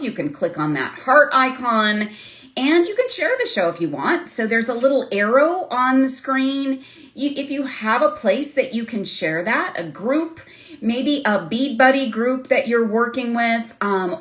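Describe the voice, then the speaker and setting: A woman's voice: a little high, a bit bright. A woman hosting a live jewelry-making class, chatty and friendly, reading viewer comments aloud and laughing often.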